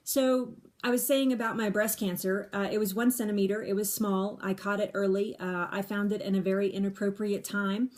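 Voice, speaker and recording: A woman's voice: mid-range voice, fairly even intonation, fairly quick, hardly any pauses, darkish tone. Middle-aged woman doing a live q&a, candid and chatty, repeats herself for emphasis, lots of restarts. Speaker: livestream host answering viewer questions. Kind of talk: casual live Q&A monologue. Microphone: phone or webcam on a live stream.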